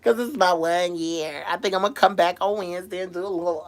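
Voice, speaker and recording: A man who performs as a drag MC, hosting a casual livestream from Las Vegas, reading out viewer comments and answering them in an animated, sassy way. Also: high-pitched, quick pace. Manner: animated and sassy, calls viewers girl and boo, frequent laughs.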